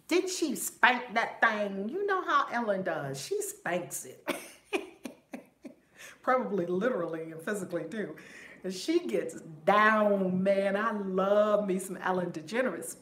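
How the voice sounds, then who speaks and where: A woman reverend hosting a live stream, warmly greeting chat viewers one by one in an effusive, upbeat way. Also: mid-range voice, lively intonation, slow. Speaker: reverend and spiritual teacher. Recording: roomy echo, faint background noise.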